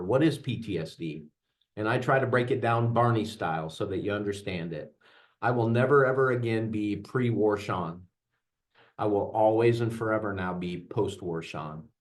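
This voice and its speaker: A middle-aged man, a veteran, giving an interactive workshop talk to an audience, earnest and mixing in jokey stories. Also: lowish voice. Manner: earnest, joking storyteller addressing audience. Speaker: veteran trainer.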